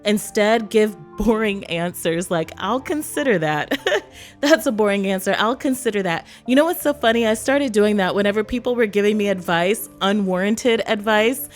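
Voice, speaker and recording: A woman's voice: mid-range voice, moderate pace, soft background music. A woman from East Texas talking casually to the camera as a vlogger, laughing often and acting out quotes. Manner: chatty, laughs often, acts out quotes in other voices.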